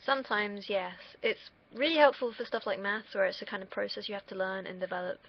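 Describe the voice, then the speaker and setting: A woman's voice: medium pitch, steady tone, fairly quick. A young woman rambling casually on a livestream, drifting off on tangents and swearing now and then. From United Kingdom. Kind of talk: casual rambling stream chat. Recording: dull lo-fi stream mic.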